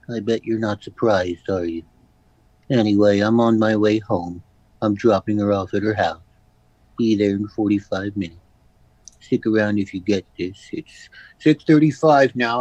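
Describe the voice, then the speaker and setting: A man's voice: lowish voice, darkish tone, no room sound, dull audio. An actor playing a small, whiny man leaving a message on an answering machine.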